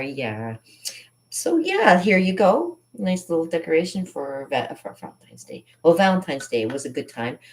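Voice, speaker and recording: Woman, casual makeup vlog chat, rambling, giggly, deep voice, lively intonation. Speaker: vlogger.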